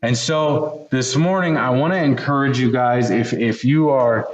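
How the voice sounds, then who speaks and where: A man's voice: medium pitch, measured pace. A man preaching a sermon in a church, earnest and repeating his words as he builds intensity. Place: church sanctuary. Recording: echoey, dull church recording.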